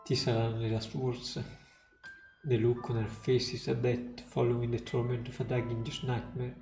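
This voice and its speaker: A male streamer reading a game story aloud in a steady, measured way. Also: medium pitch. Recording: roomy echo, faint music.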